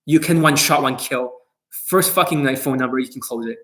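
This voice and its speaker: A man's voice: mid-range voice, brisk, noisy background. A man who coaches dating, talking to camera in a blunt, boastful monologue full of swearing.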